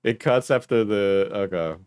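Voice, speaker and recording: A young man chatting casually on a stream while he reacts to clips, loose and profane and quick to laugh. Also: on the low side.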